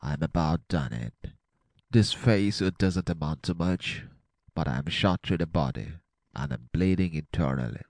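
A man's voice: extremely low pitch, animated, unhurried, darkish tone, no echo, exaggerated voice. A man voicing a dying, faint-voiced middle-aged man. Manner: faint, labored speech. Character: gravely wounded middle-aged man, weak and fading.

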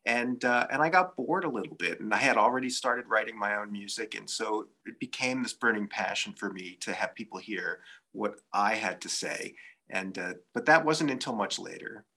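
A man, a musician guest, chatting in an interview and telling stories in a relaxed, reflective way with frequent fillers. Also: lowish voice, normal speed. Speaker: saxophonist guest. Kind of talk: casual interview chat.

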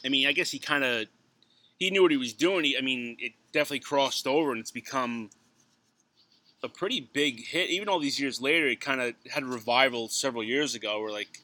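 Joking chatty man, very bright voice. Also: mid-range voice. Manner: chatty, joking, laughs while talking. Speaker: podcast co-host. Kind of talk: casual chat.

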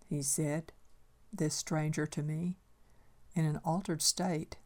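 Low-voiced older woman reading her memoir. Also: steady tone, slow pace, long pauses. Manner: gentle, reflective storytelling. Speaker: storyteller. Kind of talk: reading a personal memoir aloud.

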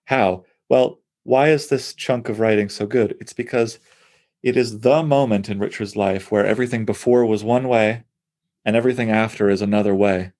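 A man's voice: on the low side, fairly even intonation, moderate pace, a little mellow. A man, a poet, talking through poems in an enthusiastic, thinking-aloud conversational way. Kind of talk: conversational close reading of poetry.

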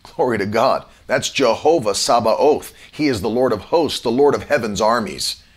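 A man's voice: mid-range voice, lively intonation, husky. Emphatic male preacher spelling out words. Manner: emphatic, repeats key phrases slowly, spells words out. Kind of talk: online sermon teaching.

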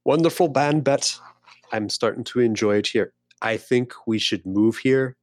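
A man's voice: medium pitch, normal speed, a little mellow, no echo. Laid-back man playing a tabletop game. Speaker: player.

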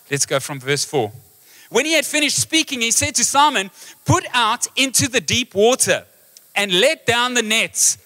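A man with a high, bright voice preaches a live sermon to his church. He is animated, keeps asking the congregation questions and drawing them in. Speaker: pastor. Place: church hall.

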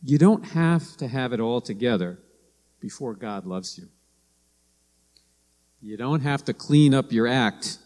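Preaching man in a reverberant hall. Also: darkish tone. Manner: storytelling, acts out quoted lines with rising pitch. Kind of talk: sermon.

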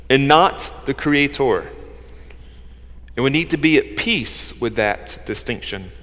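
A man preaching a sermon as pastor, conversational, swinging between emphatic lines and hushed asides. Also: fairly high pitch, big-room sound. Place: church sanctuary.

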